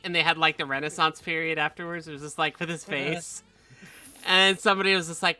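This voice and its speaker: A woman's voice: sits low, fast talker, hardly any pauses. A woman streamer chatting casually, telling stories with lots of laughter and acted-out voices. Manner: animated storytelling with frequent laughs and acted-out voices. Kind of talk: casual chat.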